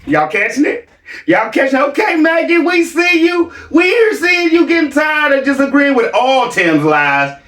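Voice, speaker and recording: A man's voice: very high-pitched, very animated, normal speed, a bit bright, roomy sound, recorded from a distance. A man doing reaction commentary, mocking and theatrical, with a repeated catchphrase.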